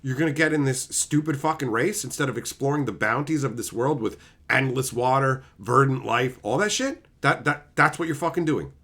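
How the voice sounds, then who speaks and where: A man's voice: mid-range voice, normal speed, few pauses, a bit bright, breathy edge. A man streaming live, ranting with exasperated, profane mockery while reading chat.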